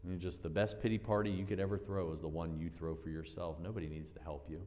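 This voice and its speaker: A man preaching a sermon as pastor, animated, acting out quoted voices with big swings in pitch and loudness. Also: fast, muffled recording. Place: church sanctuary. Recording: long church-hall reverb.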